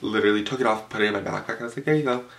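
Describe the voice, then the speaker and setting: Gravelly young man telling a story. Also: lowish voice, very fast. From Canada. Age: young adult. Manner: animated, swearing, filler-heavy retelling with quoted voices. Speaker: vlogger. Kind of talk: casual storytime vlog. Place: room at home, tablecloth backdrop.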